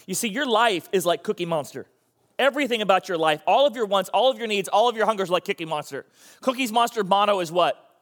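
Emphatic, animated male pastor preaching. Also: high-pitched, fast talker, long reverb tail. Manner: animated, emphatic, repeats phrases for effect. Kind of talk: sermon.

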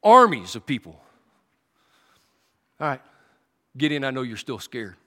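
A man's voice: mid-range voice, sing-song. A man preaching a sermon, telling a story animatedly and acting out the voices. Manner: drops to a hushed, slow prayer. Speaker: pastor.

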